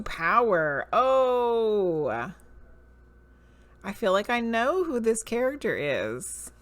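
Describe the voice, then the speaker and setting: On a casual livestream, a woman with a Southern US accent muses over cards, reads their names aloud and chats with her viewers. Her voice is mid-range with a fairly bright tone.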